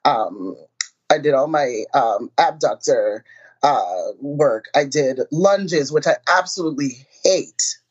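Husky woman, chatty and self-mocking, laughs a lot, kinda muffled lo-fi sound. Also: extremely low pitch, lively intonation, slow, darkish tone. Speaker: powerlifter guest. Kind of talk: casual interview talk. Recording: muffled lo-fi audio.

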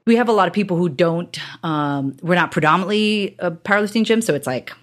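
Woman podcast host, low voice, casual, chatty interviewer. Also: expressive, a little fast. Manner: chatty, swears casually, acts out quotes.

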